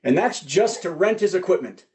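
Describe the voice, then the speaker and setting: High-voiced joking man hosting a show. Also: animated, normal speed, a little mellow, slight background noise. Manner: jokey, laughing between lines. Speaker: comedy show host. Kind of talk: casual emcee patter. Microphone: video call.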